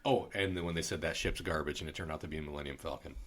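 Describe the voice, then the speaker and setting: A young adult man co-hosting a podcast, chatting casually and telling animated stories about a film, with laughs and swearing. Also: rumbling low, very fast. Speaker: podcast co-host. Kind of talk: casual movie review chat.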